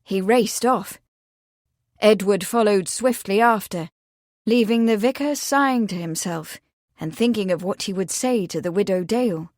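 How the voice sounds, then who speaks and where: A woman narrating a mystery audiobook in a steady, measured storytelling manner. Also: medium pitch, no echo, studio quality.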